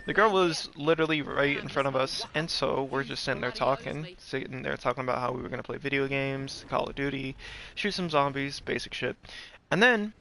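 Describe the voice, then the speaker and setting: A man's voice: medium pitch, fairly quick, gravelly, bright, forceful tone. A man telling a rambling, profane story in a casual way, with lots of fillers. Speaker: streamer.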